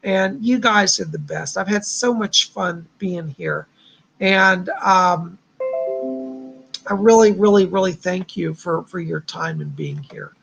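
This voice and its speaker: A man's voice: high-pitched, slow pace, creaky, fairly bright tone, faint music behind. A man hosting a live stream of psychic readings, talking in a chatty, reassuring way with a somewhat strained voice. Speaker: psychic host.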